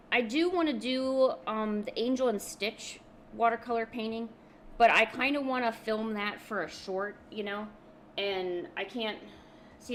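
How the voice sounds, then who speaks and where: A woman's voice: mid-range voice, a little hiss or hum. A woman art streamer in casual live-stream chat, rambling and chatty, with many ums.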